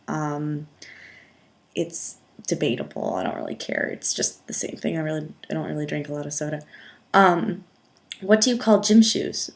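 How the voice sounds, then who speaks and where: A young woman from from there, chatting casually and self-deprecatingly through a challenge vlog into a webcam mic at home. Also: low voice. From upstate New York. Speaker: vlogger.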